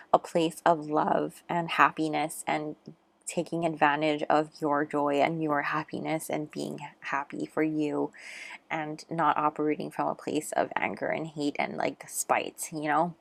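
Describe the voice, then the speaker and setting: A woman's voice: deep voice, creaky, no room sound. A woman giving a casual, chatty tarot reading, earnest and encouraging, with lots of fillers. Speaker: tarot reader.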